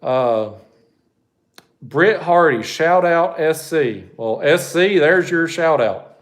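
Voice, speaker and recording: A man's voice: on the high side, lively intonation, slow. A man hosting a fishing channel, answering viewer questions on a live stream in a blunt, folksy, rambling way.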